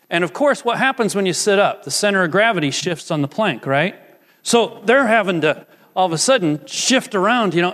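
Animated male preacher in a reverberant hall. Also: fairly high pitch. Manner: animated preaching, emphatic, slows on key phrases. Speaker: pastor. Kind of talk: sermon. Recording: long reverb of a large hall.

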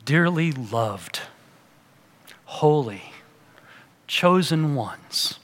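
A man's voice: on the high side, expressive, a little slow. Older male pastor preaching in a hall. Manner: earnest preaching, rising to emphatic peaks, closing in quiet prayer. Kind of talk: sermon.

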